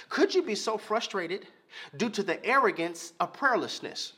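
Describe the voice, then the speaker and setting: A man delivers a sermon with a high, bright, cutting tone and a husky edge. His pitch swings widely as he presses his points, repeats key lines and calls out to the congregation. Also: big pitch swings, normal speed. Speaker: pastor. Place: church.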